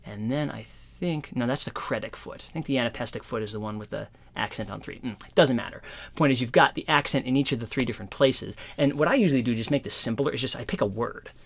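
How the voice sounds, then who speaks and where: A man giving a casual guitar lesson, explaining in a relaxed, rambling way with lots of fillers. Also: mid-range voice, fast talker, gravelly. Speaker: guitar teacher. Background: guitar playing.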